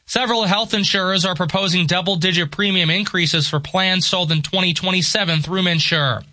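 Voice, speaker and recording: Bright high-voiced male newsreader. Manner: crisp, measured newsreader delivery. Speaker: radio newscaster. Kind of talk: scripted news reading.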